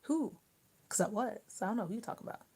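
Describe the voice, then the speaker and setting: A young woman from Maryland hosts a casual live stream while she eats. She chats loosely and answers viewer comments out loud, in a voice that sits at an ordinary middle pitch. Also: expressive, fast, breathy edge. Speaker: livestream host.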